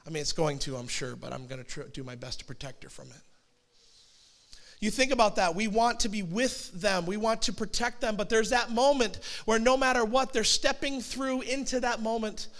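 A man's voice: high voice, moderate pace, fairly bright tone. A man in his forties preaching a sermon as a pastor, telling stories in a conversational way with asides. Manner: storytelling, conversational with acted quotes and asides.

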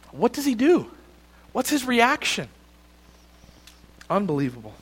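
High-voiced, animated preaching man. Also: unhurried, pauses often, husky. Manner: animated, jokey, acts out quotes. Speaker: pastor. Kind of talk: sermon.

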